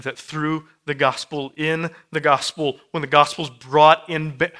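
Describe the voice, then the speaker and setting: A man preaching a sermon with a bright, forceful, crisp voice. He stacks repeated phrases, and his delivery swings from hushed, intimate lines to loud, driving ones, all at a middle pitch. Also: little pitch movement, a little slow. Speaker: pastor. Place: church sanctuary.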